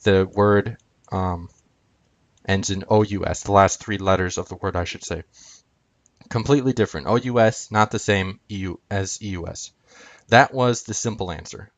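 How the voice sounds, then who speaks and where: Hesitant low-voiced man explaining slowly. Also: no room sound. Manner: hesitant, many ums and uhs, pointing at on-screen letters. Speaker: video presenter explaining Greek spellings. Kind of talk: casual screen-share explanation.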